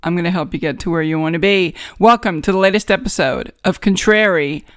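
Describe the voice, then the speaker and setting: A woman's voice: lowish voice, brisk. A woman with a New York accent hosting a podcast, giving a wry, sarcastic, rambling comedic monologue from a home studio in a guest bedroom. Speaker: podcast host.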